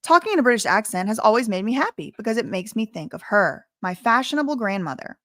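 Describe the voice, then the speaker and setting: A woman's voice: on the high side, sing-song, quick pace, sharp tone, no room sound. A woman reading a memoir aloud and breaking off into casual spoken asides. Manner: reads passages then breaks off into chatty asides.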